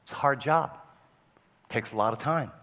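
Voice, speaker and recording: A man preaching a sermon on parenting, telling stories and acting out parents and children in an animated way. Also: medium pitch, normal speed. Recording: long hall reverb.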